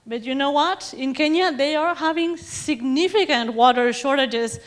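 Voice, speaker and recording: Mexican woman giving a talk, slightly high voice, animated and chatty, keeps correcting herself. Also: normal speed. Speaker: lecturer. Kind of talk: public lecture on food and environment.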